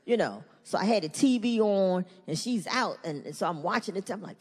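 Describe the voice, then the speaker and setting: A middle-aged woman doing a stand-up comedy set, animated and swinging into loud mock voices for punchlines. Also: mid-range voice, fairly quick, hardly any pauses, background noise. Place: large hall with audience. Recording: live stage recording in a reverberant hall.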